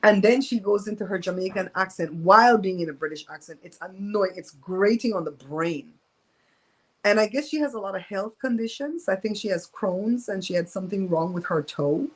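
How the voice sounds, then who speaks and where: A woman's voice: mid-range voice, animated, normal speed, poor audio. Candid, emphatic woman hosting a home live stream. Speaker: host of a live show. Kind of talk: casual live-stream storytime.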